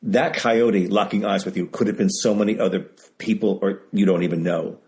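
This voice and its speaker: A man being interviewed over a video call, telling stories in an animated, emphatic way and repeating phrases for effect. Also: on the low side, normal speed. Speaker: memoir author guest. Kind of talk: casual interview storytelling.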